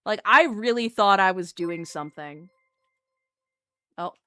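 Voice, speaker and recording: A woman VTuber chatting casually on a live stream, animated and self-mocking. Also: mid-range voice, measured pace, smooth, dry recording, clean studio sound.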